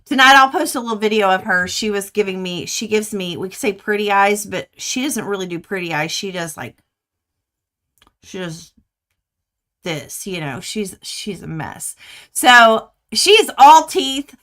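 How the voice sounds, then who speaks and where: An older woman, chatting excitedly and laughing easily as host of a quilting livestream. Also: mid-range voice, normal speed. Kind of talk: casual chat to live viewers. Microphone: webcam livestream.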